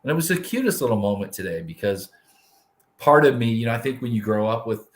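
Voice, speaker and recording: A middle-aged man co-hosting a live talk show, telling candid, animated family stories. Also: mid-range voice, fast. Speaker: co-host. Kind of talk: casual live-show chat.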